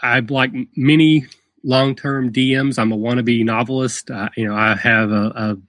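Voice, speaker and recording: A man's voice: mid-range voice, steady tone, moderate pace, fairly bright tone, dry recording. A man hosting a podcast and talking about running tabletop games, rambling a little and poking fun at himself, with many fillers. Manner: rambling, self-deprecating, frequent fillers. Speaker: podcast host and dungeon master. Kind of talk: casual podcast interview.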